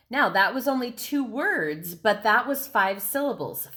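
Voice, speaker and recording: Slow, patient woman teacher. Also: on the high side, big pitch swings, a bit bright. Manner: patient, slow and clear, clapping out syllables. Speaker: elementary school teacher. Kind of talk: recorded classroom lesson.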